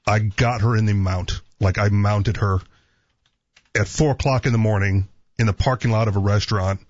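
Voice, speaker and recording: A man co-hosting a casual talk show tells stories bluntly and with jokes, in a low, husky voice. The recording is dry and a bit muffled. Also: steady tone, moderate pace, no echo. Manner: blunt, joking storyteller. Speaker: co-host.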